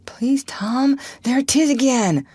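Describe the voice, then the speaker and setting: Figure: a fretful, ragged boy, voiced by a woman. He pleads in a thick rural drawl, pitched well above the reader's own low voice, dry and close. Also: expressive, measured pace, no echo. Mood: pleading. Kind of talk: audiobook character voice.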